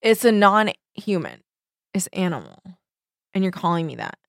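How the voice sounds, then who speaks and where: A woman's voice: on the low side, sing-song, moderate pace, gravelly, dry recording, clean studio sound. A woman co-hosting a podcast in casual chat, blunt and assertive, often laughing. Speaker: podcast co-host.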